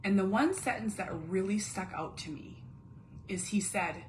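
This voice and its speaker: A woman in her thirties speaks straight to camera from her home in a candid, confiding monologue. Her voice sits at a middle pitch and turns earnest, sinking almost to a whisper on the painful parts. A faint low rumble hums underneath. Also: normal speed, low-quality recording. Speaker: mom vlogger and caregiver.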